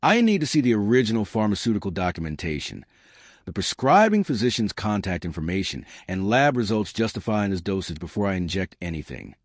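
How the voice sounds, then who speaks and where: A man's voice: on the low side, big pitch swings, fairly quick, no room sound, studio quality. A man voicing an experienced woman nurse who speaks in a firm, precise, controlled way.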